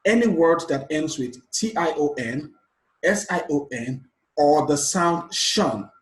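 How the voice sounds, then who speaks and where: A man with a slightly high voice teaches an exam revision lesson. He explains each rule patiently and counts syllables aloud. The room rings with a noticeable echo. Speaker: English teacher. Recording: echoey room.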